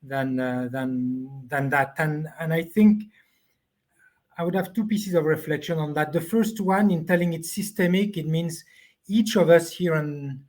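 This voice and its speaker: A man speaking as a panelist on an online discussion, halting and searching for his words over a video call. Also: on the high side, steady tone, darkish tone.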